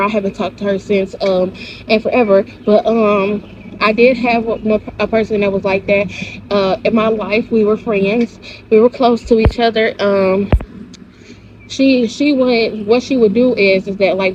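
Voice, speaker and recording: A woman's voice: medium pitch, slight background noise. A young woman, casually telling stories and venting bluntly with heavy profanity on her vlog. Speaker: vlogger. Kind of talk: casual storytelling monologue. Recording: slightly dull lo-fi recording with faint ambience.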